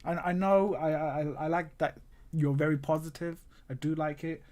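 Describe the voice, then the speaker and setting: A man's voice: a little high, steady tone, normal speed, a little mellow. A man hosting a live football watchalong stream, groaning and ranting at the game and talking straight to his chat viewers. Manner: exasperated, groaning and ranting at the match; talks to chat viewers directly. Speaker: livestream host.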